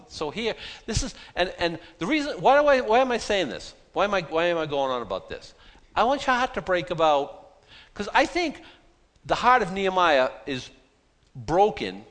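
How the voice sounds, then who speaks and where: Here a man from Boston preaches conversationally, poking fun at himself as he goes, his accent plainly local. The voice is a touch high and fairly bright, carried by the lingering reverb of a large hall.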